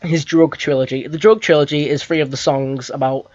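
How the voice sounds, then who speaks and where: Young adult host, excitable anecdotal rambler; dry, dull lo-fi recording. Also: mid-range voice, brisk, no echo. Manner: excitable rambling storyteller, swears freely. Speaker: podcast host. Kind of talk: casual chat. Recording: dry, slightly muffled lo-fi recording.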